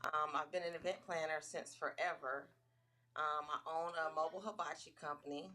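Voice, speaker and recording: A woman's voice: deep voice, steady tone, brisk, bright, forceful tone. A middle-aged woman as a guest in a casual interview, easygoing and good-humored, laughing readily. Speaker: guest entrepreneur.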